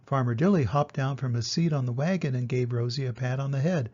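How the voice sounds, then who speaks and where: An older man reading a children's storybook aloud, gentle and expressive, in a dull lo-fi recording. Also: mid-range voice, brisk. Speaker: storybook reader.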